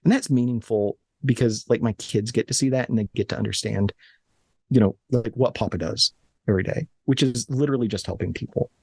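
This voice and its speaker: A man in his late thirties from Alabama, a guest telling animated, joking stories from his office with frequent restarts. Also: medium pitch, a little fast, creaky, breathy edge, no room sound. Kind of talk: casual interview chat.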